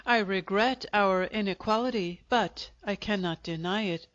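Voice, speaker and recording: A woman's voice: medium pitch, unhurried, a bit bright, no echo, dull audio, lightly acted. A woman voicing a sad, urbane male French undertaker who speaks with polite regret. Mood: politely sad. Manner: courteous, regretful.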